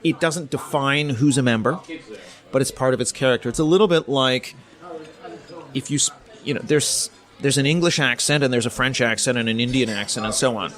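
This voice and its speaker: A middle-aged man from Canada, a politics professor, explaining his ideas in a measured, lecture-like way as a podcast guest, often pausing with ums and restarting his sentences. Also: medium pitch, a bit bright. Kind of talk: podcast interview, academic explanation.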